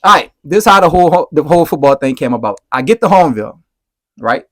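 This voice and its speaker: A man in his thirties telling stories as a podcast guest, animated and profane, rambling through anecdotes. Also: on the high side, fast. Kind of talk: casual storytelling.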